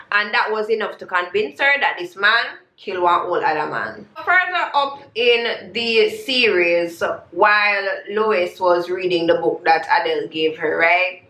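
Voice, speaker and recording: In an echoey room, a woman with a bright, pushed mid-range voice tells a story casually and sarcastically. She uses creole grammar and sounds like a vlogger reviewing a show.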